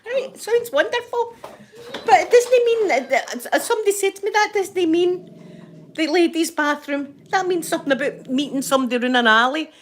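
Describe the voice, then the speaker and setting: An older Scottish woman vlogger reads her live chat and chats casually with viewers, laughing often as she rambles through stories. Her voice is extremely high and animated, her pace moderate, and there's a little hiss or hum in the recording.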